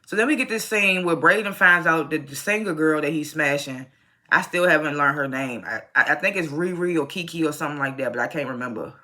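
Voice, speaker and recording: A young adult giving a casual recap and review of a TV episode. The delivery is blunt, profane and exasperated, and climbs into animated rants. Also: medium pitch, brisk. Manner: animated, rising to loud rants. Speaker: TV show reviewer.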